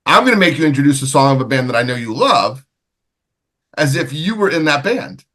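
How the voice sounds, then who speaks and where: A man hosting a podcast, trading casual banter and telling stories in a loud, profane way, laughing often. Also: medium pitch, sing-song, brisk. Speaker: podcast host.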